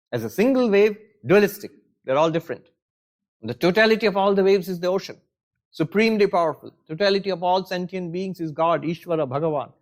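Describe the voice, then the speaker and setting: A man giving a conversational lecture on scripture as a spiritual teacher, wry and full of rhetorical questions. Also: mid-range voice.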